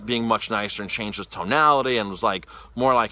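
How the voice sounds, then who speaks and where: A man with a somewhat low, bright, forceful voice recounts a story to his viewers in a casual vlog. He talks in an animated way and keeps restarting and repeating words as he goes. He sounds like an everyday speaker, not a polished presenter. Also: brisk. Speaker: chef and cyclist vlogger.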